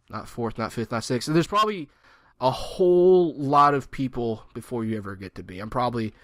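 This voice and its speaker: A man's voice: medium pitch, no echo, studio quality. Rambling, self-mocking young man. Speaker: gaming channel host. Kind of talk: rambling gameplay commentary.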